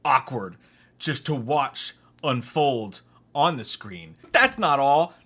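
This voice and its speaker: Young guy ripping on a bad movie, swears a ton, bright lively voice. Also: medium pitch, slow. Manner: profane, animated, mocking impressions. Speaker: movie review host. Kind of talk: comedic movie review rant.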